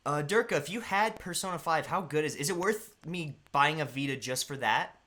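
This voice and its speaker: A man's voice: on the high side, normal speed, sharp tone. A young man hosting a live stream, chatting casually and greeting viewers by name in a rambling way. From United States.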